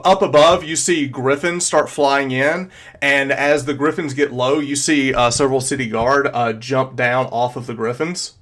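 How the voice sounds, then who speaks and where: A man narrating as game master of a tabletop game, pausing often with fillers as he describes the action. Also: mid-range voice, a bit bright. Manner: hesitant, filler-heavy narration.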